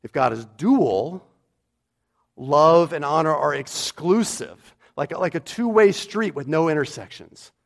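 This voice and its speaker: A man's voice: fairly high pitch, expressive, a little slow, vocal fry. Man preaching an emphatic sermon. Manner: emphatic, repeats key phrases. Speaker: pastor.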